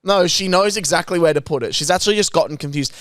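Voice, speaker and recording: A young man on a podcast mic, talking in a blunt, sweary storytelling way. His voice sits a little high and comes through smooth and clear. The sound is dry and close. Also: quick pace, fairly bright tone, dry recording. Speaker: podcast co-host. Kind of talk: casual banter.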